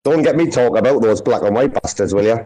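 A man's voice: mid-range voice, expressive, fast talker, warm tone, low-quality recording. Foul-mouthed Sunderland-accented man. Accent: Sunderland English. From northeast England. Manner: swears heavily, rowdy banter. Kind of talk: casual chat.

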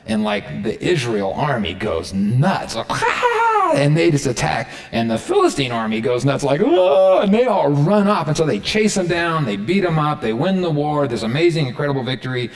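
A man's voice: on the high side, moderate pace, few pauses. A man preaching a sermon in a casual, conversational way, retelling a story and checking in with his listeners. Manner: conversational, animated, keeps checking in with the audience. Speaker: pastor.

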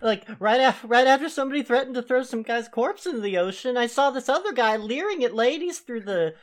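A woman's voice: a little high, lively intonation, brisk. A woman co-hosting a comedy podcast, chatting casually, rambling with fillers and laughing often. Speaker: podcast co-host.

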